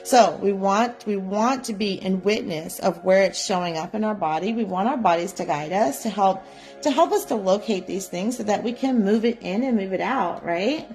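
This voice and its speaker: A woman teaching a live psychic development class, guiding listeners gently and often checking in with "right?". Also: mid-range voice, moderate pace, soft background music. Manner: gentle, coaxing, repeats "right?". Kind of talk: guided live class instruction.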